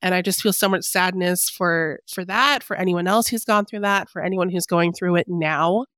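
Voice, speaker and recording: A young woman in casual podcast chat, emotional and halting, on the verge of tears. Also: on the low side, fairly bright tone, dry recording, clean studio sound.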